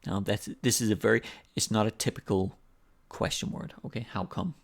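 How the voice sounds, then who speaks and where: A male English teacher with a fairly low voice and a gravelly, creaky edge. He explains grammar patiently and chattily, repeating each example so learners can follow. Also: steady tone, brisk. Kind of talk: language lesson.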